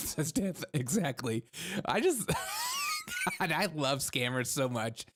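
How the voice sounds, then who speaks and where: A man's voice: a little high, huge pitch swings, slow pace, long pauses, a bit bright, breathy edge. A young man hosting a show, reacting to news clips with sarcastic commentary and mocking impressions. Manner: sarcastic, mimics speakers in mocking voices. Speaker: show host.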